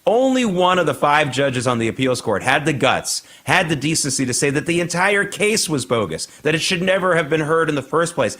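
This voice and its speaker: A man's voice: on the high side, big pitch swings, a little fast, hardly any pauses, a bit bright. A man hosting a morning news show, giving emphatic, indignant commentary.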